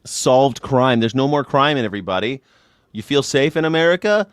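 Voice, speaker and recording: A man's voice: medium pitch, expressive, moderate pace, smooth, no room sound, studio quality. A man hosting a live call-in show, ranting sarcastically and profanely about politics and mocking people in put-on voices.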